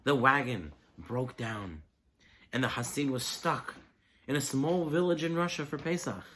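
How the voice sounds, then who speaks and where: A man's voice: medium pitch, unhurried, fairly bright tone, a little hiss or hum. A man giving a holiday sermon as a rabbi, telling stories animatedly with rhetorical questions.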